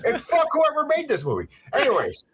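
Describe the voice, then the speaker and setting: A man's voice: very high voice, huge pitch swings, a little fast, crowd noise. A man co-hosting a podcast, ranting about a movie in a heated, profane, laughing way. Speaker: podcast co-host. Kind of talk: casual ranting movie recap. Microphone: home podcast mic.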